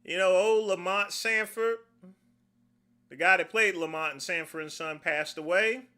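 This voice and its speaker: A man's voice: high voice, a little slow, bright, forceful tone, smooth. A middle-aged man hosting a casual livestream, rambling in a folksy way and calling his viewers "folks.". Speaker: livestream host.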